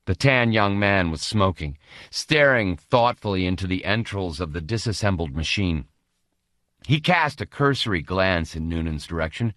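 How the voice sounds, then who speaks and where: A man narrating an audiobook with an expressive, dramatic reading. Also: deep voice, normal speed, no room sound, studio quality.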